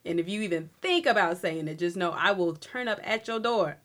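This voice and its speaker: A woman's voice: lowish voice, brisk, a bit bright. A young woman co-hosting a podcast in casual chat, emphatic and passionate. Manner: emphatic, building to passionate rants. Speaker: podcast co-host.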